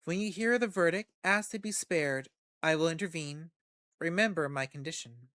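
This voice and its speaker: Reading game dialogue aloud, a streamer gives voice to a female vampire patron who is poised and coolly confident, stating her terms calmly and at a measured pace. The pitch sits in the middle, close to an everyday speaking voice, and the sound is dry and close without any room echo.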